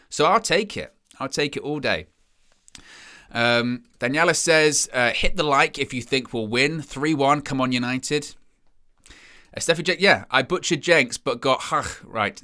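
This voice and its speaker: Chatty man with a bright voice. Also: medium pitch. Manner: chatty, self-deprecating, reads out viewer comments; rambling with frequent restarts and "you know". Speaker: host of a live match watchalong stream. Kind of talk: casual live-stream chat.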